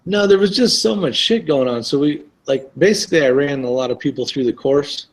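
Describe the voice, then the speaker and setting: A man's voice: on the high side, brisk, rough recording. A man hosting an online live chat, talking casually, rambling a little and laughing often.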